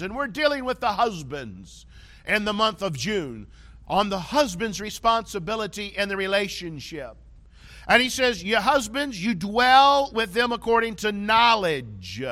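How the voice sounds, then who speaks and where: High bright-voiced man preaching a sermon. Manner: conversational preaching with repeated "okay?" checks. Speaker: pastor.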